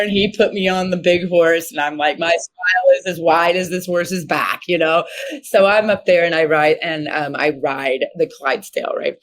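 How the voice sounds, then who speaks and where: Guest, woman, 50s, from Missouri; lowish voice, animated storyteller. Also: moderate pace. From Missouri, USA. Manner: animated, acts out quoted voices with sharp pitch jumps. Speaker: guest, horse trainer. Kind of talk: casual interview storytelling.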